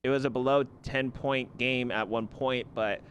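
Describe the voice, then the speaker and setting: A man's voice: medium pitch, moderate pace, slight background noise. A man co-hosting a casual podcast, chatting about cartoons and basketball and retelling scenes with laughter. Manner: animated storyteller, laughs while retelling scenes. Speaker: podcast co-host. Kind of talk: casual sports and pop culture chat.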